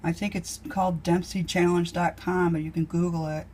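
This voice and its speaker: A woman talks through her lunch prep in a home kitchen, rambling and full of ums. Her voice sits a little low, and a faint hum of the room comes through underneath. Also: level tone, normal speed, a little mellow. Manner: chatty and rambling, many ums. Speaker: home cook vlogger. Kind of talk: casual chat while cooking.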